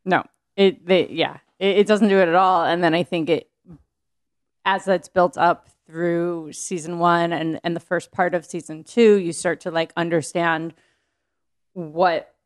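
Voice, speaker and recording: Lower-pitched woman chatting in rambling bursts. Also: steady tone, measured pace. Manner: rambling, restarts often, swears casually. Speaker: podcast guest. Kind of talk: casual chat.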